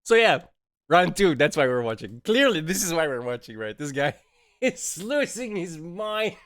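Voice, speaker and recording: A man's voice: on the high side, sing-song, moderate pace, a bit bright. A man who is not a native English speaker, streaming casual reaction commentary in a mocking, sarcastic tone, laughing often and dropping slang like bro and man.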